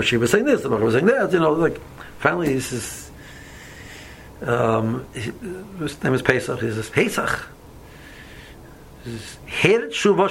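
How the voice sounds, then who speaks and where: Male Torah teacher, chatty and rambling, gravelly, faint hiss behind. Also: mid-range voice, poor audio. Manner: rambling, many fillers, mixes Hebrew and Yiddish terms. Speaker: yeshiva teacher. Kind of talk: casual Torah lecture with stories.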